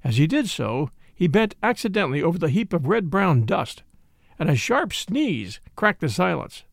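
A man narrating a classic mystery story in a measured, expressive storytelling style. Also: a little high, creaky, no echo, studio quality. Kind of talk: scripted audiobook narration.

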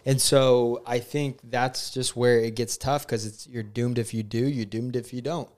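A man, a pastor co-hosting a podcast, talking thoughtfully in casual chat and pausing to find his words. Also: mid-range voice, steady tone, darkish tone. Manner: thoughtful, searches for words with ums.

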